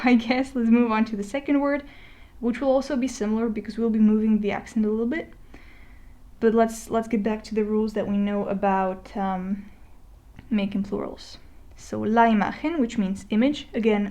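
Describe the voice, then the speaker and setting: A woman teaching a Spanish lesson as a voice-over, talking in a relaxed, conversational way with fillers and restarts, slowing down to spell out example words. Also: a little high. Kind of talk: explaining a lesson over a digital whiteboard. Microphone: voice-over recording.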